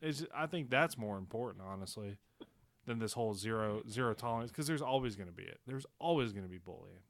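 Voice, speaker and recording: A man's voice: on the low side, animated, quick pace, dry recording, clean studio sound. A man hosting a casual podcast chat, talking bluntly and crudely with wry asides. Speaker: podcast host.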